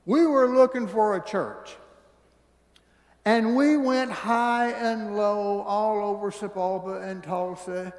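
Man, preacher, high voice, folksy storytelling, hushed to booming, long church-hall reverb. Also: takes it slowly. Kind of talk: sermon. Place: church sanctuary.

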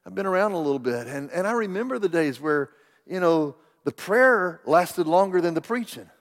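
A man, preaching a sermon with stammering restarts, swinging between loud cries and hushed whispers. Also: sits high, lively intonation, normal speed. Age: 60s. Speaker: pastor. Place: church sanctuary. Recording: long hall reverb in a church.

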